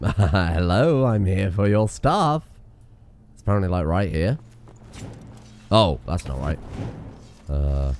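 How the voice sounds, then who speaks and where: A man's voice: low voice, a little mellow. A man streaming a game, giving sarcastic, sweary casual commentary while feeling under the weather. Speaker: gaming streamer.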